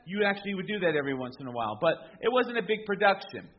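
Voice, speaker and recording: A middle-aged man with a high voice preaches in a relaxed, conversational way, turning to the crowd with frequent asides. The recording sounds dull and lo-fi. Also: rapid-fire. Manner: conversational, animated storytelling with frequent "right?" asides. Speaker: pastor. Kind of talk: sermon.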